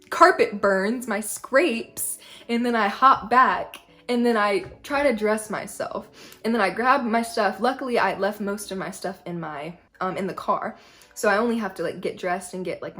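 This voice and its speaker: A woman's voice: fairly high pitch, fairly bright tone. Chatty young woman telling a story. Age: young adult. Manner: chatty, peppered with "like". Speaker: vlogger. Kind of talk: casual storytime.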